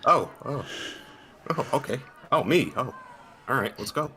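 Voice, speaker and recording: A man's voice: mid-range voice, animated, measured pace, pushed and bright, a little hiss or hum. A man playing a tabletop game, speaking casually in a hesitant, self-deprecating way. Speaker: player.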